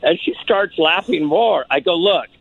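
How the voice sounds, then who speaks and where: A man who does stand-up comedy, telling an animated story and acting out his own lines in a higher voice. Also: moderate pace, creaky. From California. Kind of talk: podcast guest storytelling. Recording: tinny phone-like line.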